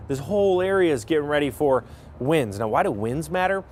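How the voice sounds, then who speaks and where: A man delivering a morning TV weather forecast in a chatty, rambling way. His voice sits a bit high for a man and swings widely in pitch. He keeps breaking into asides and restarting his sentences. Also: lively intonation, fairly quick, a little hiss or hum. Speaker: meteorologist.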